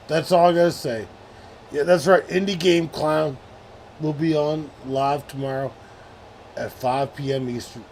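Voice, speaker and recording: A man's voice: fairly high pitch, fairly even intonation, unhurried, darkish tone, slight background noise. A man hosting a late-night live stream, rambling and swearing as he heaps mock sports praise on a teammate. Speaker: streamer host. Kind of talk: casual live-stream chat.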